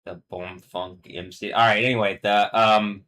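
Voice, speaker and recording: A man's voice: on the low side, fairly even intonation, measured pace, few pauses, fairly bright tone, low-quality recording. A man rambling through a live stream monologue, swearing freely and laughing to himself.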